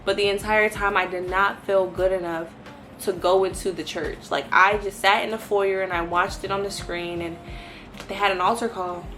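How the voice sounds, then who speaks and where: A young woman in her early twenties tells her faith testimony in a lively way, talking straight to the viewers. Her voice sits at a middle pitch, with faint music underneath. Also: moderate pace. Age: early 20s. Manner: animated, talks straight to viewers. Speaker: vlogger sharing a faith testimony. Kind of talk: personal testimony storytelling.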